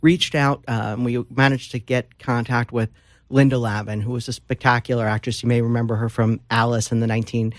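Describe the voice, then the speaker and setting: A man who is an author and lawyer appears as an interview guest, speaking fairly quickly in a medium-pitched voice recorded with clean studio sound and no room tone. The talk is casual, and he tells stories animatedly, sprinkling in many fillers.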